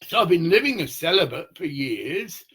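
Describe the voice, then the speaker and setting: Man, gravelly and husky, rambling and swearing in a pitch-swinging monologue. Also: pushed and bright. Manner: rambling, profane, acts out little scenes.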